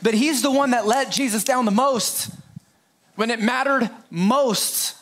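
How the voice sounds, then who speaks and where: High-voiced playful preacher man. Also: unhurried, a bit bright. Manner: playful, joking asides, talks straight to the congregation. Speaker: pastor. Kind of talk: Easter sermon.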